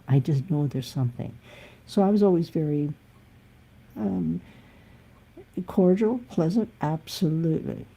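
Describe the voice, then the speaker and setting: A woman's voice: low-pitched, dark tone, muffled recording. A woman musician talking candidly and bluntly in a live-stream monologue. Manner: blunt, emphatic, occasionally swearing.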